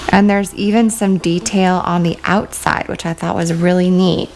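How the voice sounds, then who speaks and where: A woman's voice: lowish voice, steady tone, normal speed, a little mellow, slight background noise. A woman hosting a toy crafting video, chatting casually and gushing over small details. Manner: gushing, enthusiastic. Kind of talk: casual toy review chat.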